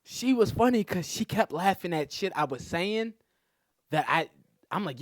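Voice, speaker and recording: A man's voice: fairly high pitch, moderate pace, dry recording, studio quality. A man, a comedian guest on a podcast, telling a story in casual talk, acting out what other people said and laughing often. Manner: animated, acts out other people's lines, laughs a lot.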